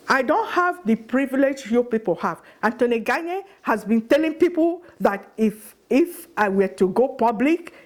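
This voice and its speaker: A middle-aged woman delivers an impassioned address directly to the camera in a high voice. She sounds indignant and accusing, pleading at times, and repeats her lines to drive each point home. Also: darkish tone. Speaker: vlogger.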